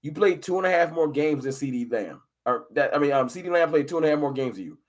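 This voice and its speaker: A man hosting a casual fan live stream, talking football and arguing with chat viewers in an animated, combative way. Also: fairly high pitch, fast. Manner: animated, argumentative, addresses chat viewers directly.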